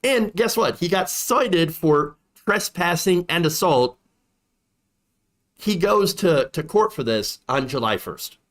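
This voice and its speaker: A man's voice: on the high side, expressive, takes it slowly. A man hosting a political commentary show, talking emphatically and repeating points for effect.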